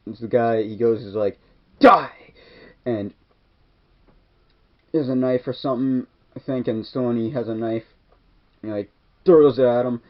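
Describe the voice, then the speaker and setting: This is a casual movie recap from a man who reviews films, his mid-range voice steady and his speed normal. He keeps dropping "like" and "kinda" as he rambles through the scenes, and the recording is dull and lo-fi.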